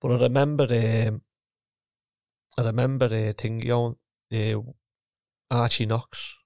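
A man's voice: mid-range voice, flat delivery, measured pace, darkish tone, no echo, studio quality. A middle-aged man, a former footballer and coach chatting casually, rambling and restarting his sentences. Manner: rambling, repeats words, restarts often. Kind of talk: casual chat.

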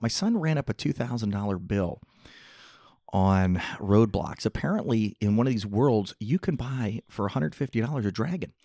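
A man's voice: lowish voice, gravelly, dark tone, no room sound, clean studio sound. A middle-aged man hosting a podcast, telling long rambling jokey stories in casual chat. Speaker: podcast host. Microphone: podcast mic, close.

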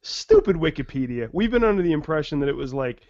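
A man's voice: on the high side, sing-song, fast talker, darkish tone, highs cut off. A man co-hosting a podcast interview, bantering and joking with the guest. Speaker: podcast co-host. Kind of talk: casual interview chat.

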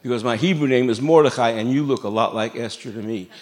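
A middle-aged pastor preaches in a church sanctuary, keeping his sermon conversational and joking, with asides to the congregation. He speaks quickly in a medium-pitched voice.

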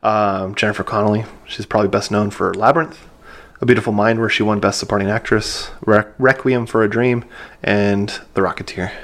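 Male podcast co-host, low pitch, rambling trivia talker who corrects himself often. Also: steady tone, brisk, a bit bright. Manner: rambling, many fillers, self-correcting, laughs easily. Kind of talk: casual chat about a film.

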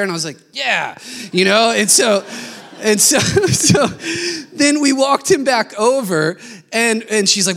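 A man preaching a sermon, telling a lively story and acting out the people in it. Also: sits high, measured pace. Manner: animated storytelling, acting out quoted voices. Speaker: pastor.

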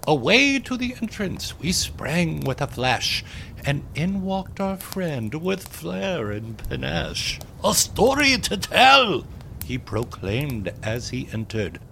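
A man's voice: on the high side, very animated, slow pace, gravelly, sharp tone, slight background noise. A man narrating rhymed holiday verse in a sing-song storytelling manner.

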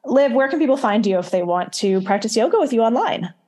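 A woman podcast host with a mellow, soft-edged voice, gushing with praise. She talks in a loose, chatty way, full of likes and restarts. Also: on the high side, lively intonation, quick pace. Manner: gushing, effusive, warmly enthusiastic. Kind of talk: casual podcast interview.

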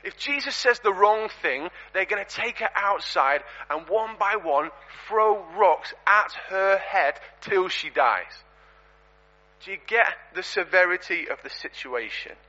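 A man preaching a storytelling sermon in a church, animated and conversational, full of rhetorical questions. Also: high voice, a little slow. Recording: dull lo-fi recording.

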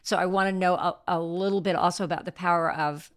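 A woman hosting an interview podcast, encouraging and quick to laugh. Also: on the low side, fairly even intonation, clear, resonant tone. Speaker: podcast host.

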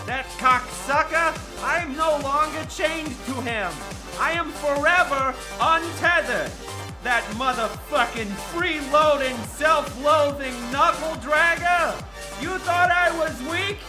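Unhinged male pitchman, put on by a podcast host, high and loud, ranting over music. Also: full character voice. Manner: shouting, furious rants flipping to tearful pleading. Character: unhinged male ad pitchman, volatile, self-pitying.

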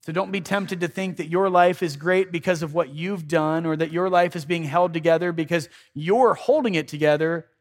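A man's voice: a little high, normal speed, few pauses. A man preaching a sermon in a conversational way, with dry irony and acted-out prayers. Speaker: pastor.

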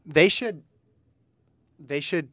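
A man's voice: a little high, very slow, a bit bright, dry recording, studio quality. A man co-hosting a casual sports talk show, playfully quizzing his co-host. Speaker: podcast co-host. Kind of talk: casual chat.

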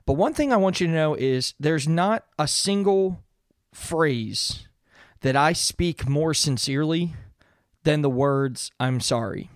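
A man's voice: a little high, slow, no room sound, clean studio sound. A man in his thirties hosting a casual solo podcast, talking earnestly in a rambling way with many fillers and restarts. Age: 30s. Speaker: podcast host.

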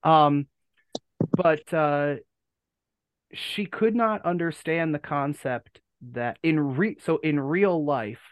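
Speaking slowly in a slightly high voice, an American host of a casual fan podcast rambles along, often correcting himself and filling gaps with fillers. The tone is clean with no echo.

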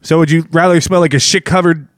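A man's voice: fairly high pitch, steady tone, quick pace. A young man hosting a casual podcast, reading out would-you-rather questions and steering his friends along. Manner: playful, ringleader, moves the game along. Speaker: podcast host asking questions.

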